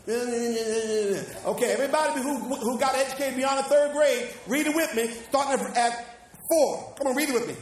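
A pastor preaching a sermon, building to shouts and calling the congregation to read along. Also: male voice, extremely high pitch, moderate pace, few pauses. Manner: preaching with rising shouts and call-and-response. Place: church. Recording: echoey church hall from far off.

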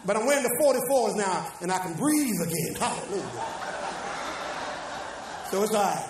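A pastor preaching a sermon, building to shouts and calling the congregation to read along. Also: male voice, sits high, very animated, fast talker, noisy background. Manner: preaching with rising shouts and call-and-response. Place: church. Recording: echoey church hall from far off.

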